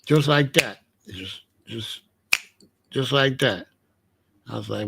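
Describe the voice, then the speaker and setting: Gravelly and husky, a man takes his time with long pauses as he hosts a casual commentary monologue of street stories. His language is blunt and profane, and he goes low and quiet when describing danger.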